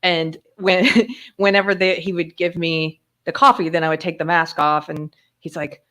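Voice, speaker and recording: A woman hosting a casual live-stream chat, telling a story with lively acted-out dialogue and frequent laughter. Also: lowish voice, normal speed. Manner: animated storyteller who acts out dialogue and laughs often. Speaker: podcast host.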